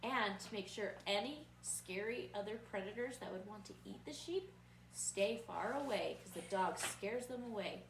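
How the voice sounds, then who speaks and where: A woman preschool teacher with a mid-range voice and vocal fry gives young children patient, encouraging craft instructions at a normal speed. A distant mic adds roomy echo, with slight background noise.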